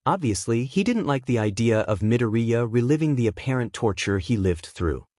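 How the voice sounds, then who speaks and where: Man narrating with lively pitch. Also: normal speed, no echo, clean studio sound. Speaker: story reader. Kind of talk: fan fiction narration.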